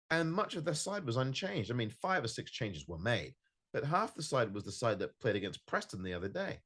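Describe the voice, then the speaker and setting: A man's voice: fairly low pitch, fairly bright tone, slightly rough. A man hosting a solo football podcast, reviewing a match in an emphatic, frustrated way and repeating himself for stress. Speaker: podcast host. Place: home recording in California.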